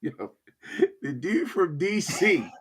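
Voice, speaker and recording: A man's voice: high voice, very animated, takes it slowly, fairly bright tone, slightly rough. A man co-hosting a podcast, recapping TV episodes in casual chat, laughing and acting out the characters' lines. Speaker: podcast co-host.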